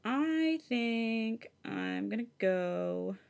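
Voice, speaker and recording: A woman's voice: fairly high pitch, expressive, drawn-out words, creaky, a little mellow, smooth. Giggly woman reading fan fiction aloud. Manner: chatty, giggly asides. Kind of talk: casual story reading.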